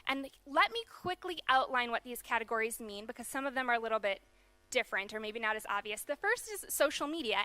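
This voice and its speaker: Young American woman, keynote speaker; bright, slightly high voice, brisk and explanatory. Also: no room sound. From USA. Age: young adult. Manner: brisk explanatory delivery with fillers. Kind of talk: conference keynote presentation. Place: large conference hall.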